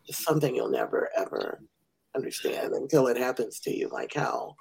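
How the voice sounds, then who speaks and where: Woman host, gravelly, husky, soft half-whispered talk. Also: rumbling low, huge pitch swings, normal speed, rough recording. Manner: soft-spoken, often trailing into a whisper. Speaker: podcast host and burn survivor. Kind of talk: casual interview chat.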